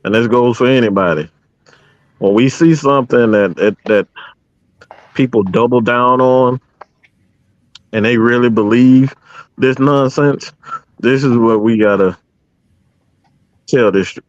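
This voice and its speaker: A man's voice: medium pitch, measured pace, long pauses, dry recording, dull audio. A man co-hosting a live stream, ranting heatedly with lots of profanity and stammered restarts. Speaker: podcast co-host.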